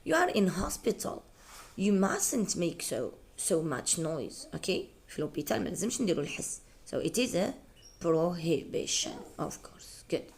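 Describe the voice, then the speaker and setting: Algerian woman teacher, low and gravelly, slow careful explanations with lots of repetition. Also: very animated. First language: Algerian Arabic. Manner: patient, repeats key words, spells them out. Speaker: English teacher. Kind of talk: explaining test answers.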